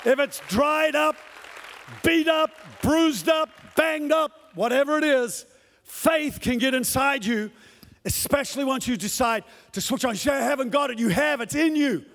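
A man's voice: very high voice, measured pace, gravelly, fairly bright tone, big-room sound, a faint crowd. A man preaching a passionate sermon to a congregation, acting out the words he quotes. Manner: impassioned, acts out the lines he quotes. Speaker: pastor. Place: church hall with a congregation.

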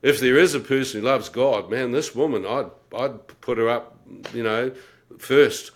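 A man's voice: medium pitch, unhurried. A middle-aged man telling his life-changing testimony in a vivid, wry way. He laughs at himself and acts out his own thoughts. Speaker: guest telling his conversion story. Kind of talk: personal testimony storytelling.

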